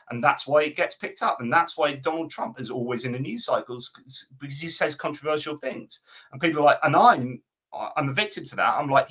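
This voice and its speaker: A man's voice: mid-range voice, fairly bright tone. A man hosting a live stream, chatting, reading viewer comments and giving rambling opinions. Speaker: host.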